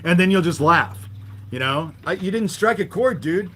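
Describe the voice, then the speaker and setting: A man in a heated, profanity-laced livestream rant, his voice sitting a bit higher than most men's. He jabs sarcastically at the people in his chat and keeps tacking "you know?" onto the end of his points. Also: expressive, moderate pace, sharp tone, a little hiss or hum. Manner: irritated, profane, confrontational; sarcastic toward chat commenters. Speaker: livestream host. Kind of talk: live-stream rant.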